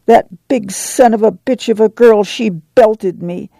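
Man doing a fierce tearful little girl, high-pitched, gravelly, dry. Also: measured pace, warm tone, no room sound, exaggerated voice. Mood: aggrieved.

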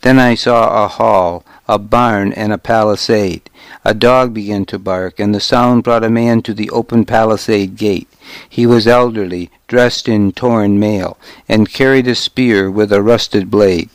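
A man narrating a historical novel in the first person, with measured, steady storytelling. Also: on the low side, no room sound. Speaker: audiobook narrator.

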